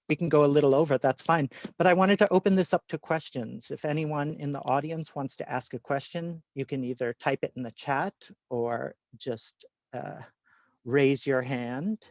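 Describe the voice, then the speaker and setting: A man's voice: fairly high pitch, no room sound, dull audio. A man hosting a panel discussion, speaking earnestly and laughing often over a video call. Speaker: host.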